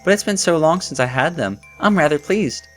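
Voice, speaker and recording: Brief: man doing a polite young woman, soft and formal, voice pushed up high. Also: animated, fairly quick, soft background music, lightly acted. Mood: gentle. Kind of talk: reading game dialogue aloud.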